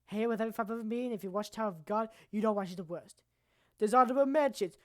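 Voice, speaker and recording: Talking fast in a medium-pitched voice, a woman streamer hosts anime awards, her commentary loose, rambling and full of profanity, with sudden bursts of loud shouting. The studio-quality recording has no room sound.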